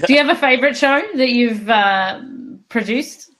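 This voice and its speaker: A woman's voice: a little high, normal speed, fairly bright tone. A woman interviewing a guest over a video call, with short, encouraging responses. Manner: brief encouraging backchannels. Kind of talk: conversational interview.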